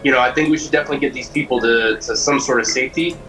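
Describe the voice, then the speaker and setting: A man playing a tabletop game, planning out loud hesitantly with many fillers. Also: mid-range voice, very fast, slight background noise, low-quality recording. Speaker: player. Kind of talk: casual tabletop play. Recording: music playing behind.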